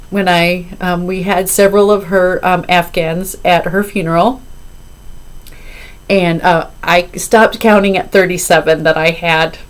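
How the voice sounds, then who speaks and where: Brief: fifties woman, slightly low voice, chatty hobby vlogger, loose and apologetic. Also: fairly even intonation, measured pace. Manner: rambling and apologetic, with filler. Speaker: cross-stitch vlogger. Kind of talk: casual chat to camera.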